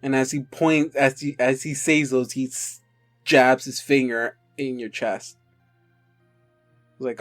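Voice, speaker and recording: A man's voice: medium pitch, a bit bright, soft background music. A man, narrating casually as game master, often restarting his sentences. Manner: casual, halting, many restarts.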